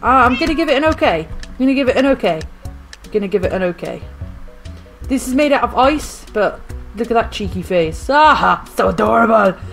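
A woman's voice: fairly high pitch, lively intonation, a little fast, faint music behind. A woman commentating on her own video game play, rambling to herself and often getting flustered and panicky. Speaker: gaming video host. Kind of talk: live gameplay commentary.

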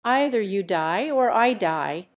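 A woman's voice: mid-range voice, slow pace. A woman reading as a cocky young male warrior. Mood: lecturing. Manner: calm, lecturing, self-assured. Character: brash, easygoing young male martial hero.

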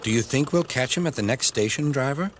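A man voicing a dashing, eager male bus in a children's storybook, sounding excitable. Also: mid-range voice, a little fast, a little hiss or hum, close to an everyday voice. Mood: determined.

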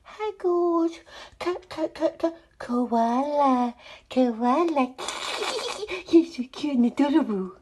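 A woman's voice: high-pitched, lively intonation, takes it slowly, darkish tone, a little hiss or hum. A woman voicing a cheerful, curious little male toy friend in a children's alphabet sing-along, talking in a sing-song way and gasping with delight.

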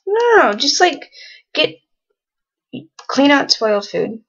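A woman's voice: sits high, sing-song, slow, creaky, pauses often, a bit bright, muffled recording. A young woman casually commenting on a life-sim game she is playing and talking to its characters in a teasing way. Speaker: let's play gamer.

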